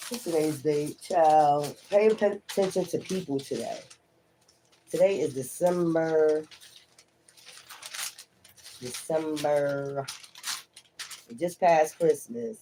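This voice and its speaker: A man giving a casual tarot reading, talking straight to viewers with lots of swearing and laughter, and acting out their thoughts in quick asides. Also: a little high, mellow, slight background noise. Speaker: tarot reader.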